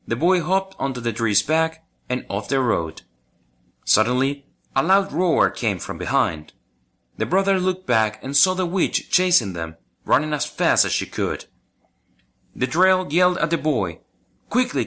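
A man narrating a children's folk tale audiobook in an expressive storytelling manner. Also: medium pitch, unhurried.

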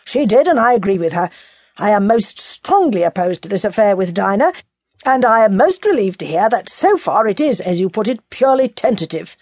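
A woman's voice: medium pitch, big pitch swings, fairly quick, darkish tone, dry recording, studio quality. A woman reading a stiff, blustering old father. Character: older man, stiff, indignant gentleman father.

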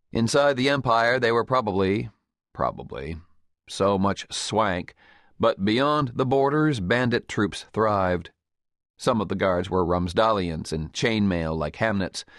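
A male narrator reads a fantasy novel in a measured, expressive way. His voice sits low and steady. The recording is close and dry, with no room sound. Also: no echo. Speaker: audiobook narrator. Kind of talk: scripted audiobook narration.

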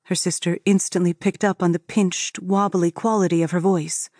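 A woman narrating an audiobook with steady, expressive storytelling. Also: fairly low pitch, moderate pace, hardly any pauses, dry recording, studio quality.

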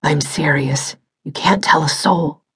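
A woman narrator voicing a nervous, secretive woman staffer in a breathy whisper, in a whispered role-play from an audiobook. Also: lowish voice, fairly even intonation, a little fast.

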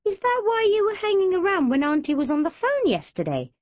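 A woman's voice: on the high side, animated, normal speed, no room sound, muffled recording, voice pushed up, natural voice. A woman voicing Jazz, an eager, gossipy young girl who talks wistfully.

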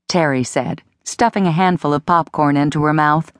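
Expressive woman reading an audiobook. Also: sits low, normal speed, hardly any pauses, no room sound. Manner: expressive, animated. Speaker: audiobook narrator. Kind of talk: first-person audiobook narration. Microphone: close studio mic. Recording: dry studio audiobook recording.

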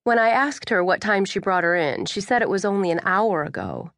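A woman reading a first-person audiobook in a measured storytelling way. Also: lowish voice, fairly bright tone, no echo. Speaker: audiobook narrator.

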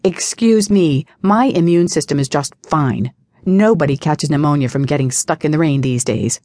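A woman voicing a small, flustered young female student who pleads in a higher voice. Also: sing-song, unhurried, mellow, husky, exaggerated voice.

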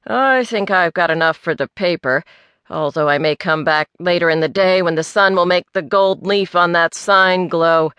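A calm, easygoing young man who smooths things over, read by a woman narrator. The tone is bright and even, recorded dry and close. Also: fairly low pitch, moderate pace, no echo, muffled recording, lightly acted. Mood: easy. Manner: calm and peacemaking.

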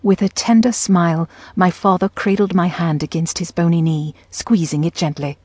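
A woman narrating an audiobook in the first person with measured, even storytelling. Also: on the low side, slightly rough, no room sound.

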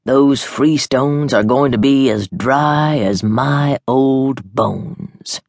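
A woman voicing a tired, wry old grandfather farmer, speaking in a slow, weary drawl. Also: extremely low pitch, creaky, darkish tone, no room sound, clean studio sound, exaggerated voice.

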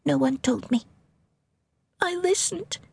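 Actress as a grieving young girl, soft and tearful, audiobook voice. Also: high voice, expressive, slow pace, gravelly, pitched above the performer's own voice, full character voice. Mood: sad. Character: grieving little girl, lady-in-waiting.

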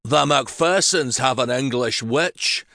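A man reading an audiobook and voicing a vicious, crusty old Highland laird with a Scottish accent. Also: slow pace, pushed and bright, dry recording, clean studio sound, heavily acted. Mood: menacing. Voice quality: crusty, gruff.

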